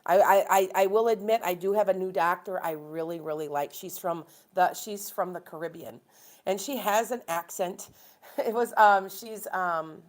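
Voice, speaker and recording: A woman's voice: lowish voice, moderate pace. A chatty woman from Wisconsin hosts a live stream as a tarot reader. She talks in a casual, rambling way and airs blunt opinions freely.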